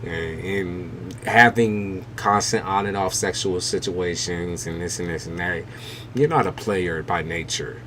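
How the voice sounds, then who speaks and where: A man's voice: deep voice, unhurried, bright, forceful tone, a little hiss or hum. A man giving a live-stream tarot reading, blunt and emphatic, with heavy swearing. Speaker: tarot reader.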